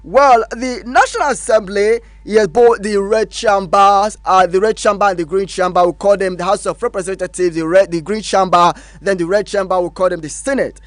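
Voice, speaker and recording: A man's voice: sits high, fairly even intonation, moderate pace, few pauses, no room sound. A man with a Nigerian English accent hosting a morning radio news and politics show, emphatic and repetitive, with frequent fillers. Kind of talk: radio talk show commentary. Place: radio studio.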